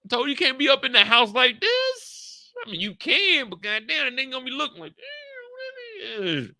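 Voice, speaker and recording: A man's voice: very high voice, sing-song, a little fast, sharp tone, no room sound, studio quality. A man hosting a show recap in loose, slangy live commentary, laughing often and mimicking characters.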